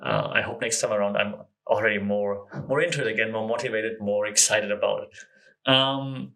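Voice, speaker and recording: A man's voice: lowish voice, normal speed, gravelly, pushed and bright. A man hosting his own podcast, chatting casually and thinking aloud in a loose, rambling way. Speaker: podcast host. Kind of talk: casual solo podcast chat.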